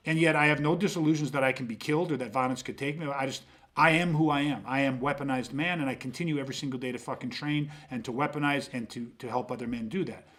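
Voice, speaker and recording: Speaking quickly with few pauses, a middle-aged man hosting a podcast uses a mid-range, steady, slightly bright voice. The casual conversation finds him intense and profane, restarting often and repeating words to open sentences while working toward his point.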